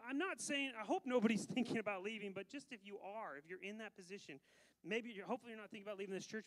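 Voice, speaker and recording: Animated high-voiced male pastor preaching. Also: low-quality recording. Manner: animated, swinging between loud emphasis and quiet asides; laughs between phrases. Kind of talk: sermon.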